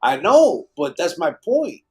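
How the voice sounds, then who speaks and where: A man's voice: fairly high pitch, wildly swooping pitch, unhurried, a little mellow, slightly rough. A man hosting a live podcast, chatting casually and reading out chat messages in a laid-back, slangy way that is full of swearing. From Arizona.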